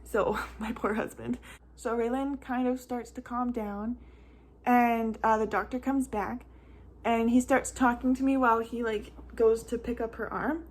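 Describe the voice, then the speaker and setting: A young woman and mother telling a casual storytime vlog, chatty and rambling with many "like" fillers, close to tears at times. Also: on the high side.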